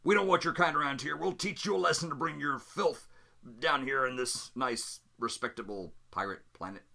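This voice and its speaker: A man's voice: mid-range voice, normal speed, gravelly, sharp tone. A man voicing a hostile, bigoted male thug leader in a solo tabletop game, with sneering threats. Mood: threatening.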